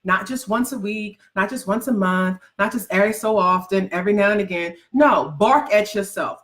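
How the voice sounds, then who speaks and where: A woman's voice: medium pitch, moderate pace, a bit bright. A woman coaching aspiring book writers in a motivational talk to a live audience, emphatic and repetitive, teasing her listeners and calling them "baby". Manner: folksy, calls listeners "baby".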